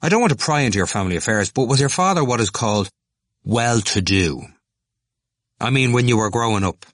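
A man's voice: medium pitch, lively intonation, a little fast, fairly bright tone, no room sound, studio quality, pitched above the performer's own voice, close to an everyday voice. A man reading aloud and voicing a prying, insistent young male student who asks blunt questions. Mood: hesitant.

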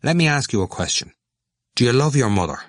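A man's voice: medium pitch, sing-song, fairly quick, dry recording, studio quality, voice pushed up, natural voice. A man doing a sardonic young student, probing.

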